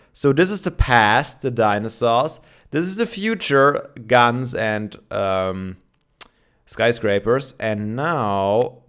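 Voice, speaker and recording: A man's voice: medium pitch, a bit bright, clear, resonant tone. Chatty young man thinking aloud. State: morning voice. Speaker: Minecraft let's player. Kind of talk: casual gameplay commentary.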